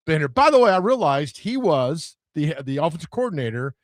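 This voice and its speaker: A man's voice: on the high side, very animated, brisk, no echo, clean studio sound. A man co-hosting a sports talk radio show, chatting casually and animatedly, joking and slipping into mock voices. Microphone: studio microphone.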